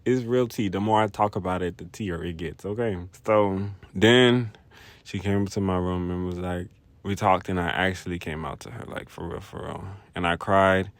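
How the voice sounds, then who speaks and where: A young man telling a personal story in a casual vlog, rambling, animated and profane. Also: low-pitched, measured pace, no room sound. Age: young adult. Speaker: vlogger.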